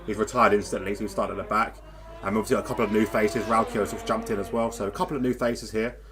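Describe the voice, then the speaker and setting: A man's voice: lowish voice, fairly even intonation, very fast, music in the background. Chatty man commentating sim racing. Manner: chatty, rambling, self-deprecating. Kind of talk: live esports race commentary.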